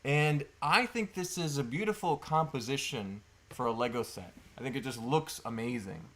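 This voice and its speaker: Guy streaming live indoors, bright forceful voice, chatty, lots of ums and shoutouts to chat. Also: medium pitch, moderate pace. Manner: chatty, greets viewers by name, many fillers. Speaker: livestream host. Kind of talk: casual live chat with viewers. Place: indoors, at a table of sorting bins.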